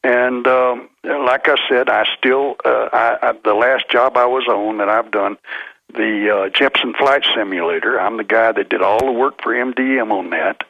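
Gravelly older Texan caller on phone. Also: male voice, mid-range voice, moderate pace, dry recording. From Texas. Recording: dull phone line.

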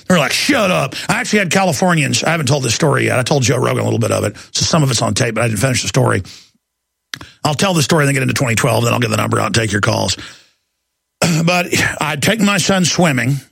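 A man's voice: medium pitch, gravelly, a bit bright, husky, dry recording. A man in his forties from Texas hosting a political talk radio show, ranting and telling stories in an intense, rambling way. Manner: intense, rambling, emphatic storytelling. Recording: dry studio, faint music.

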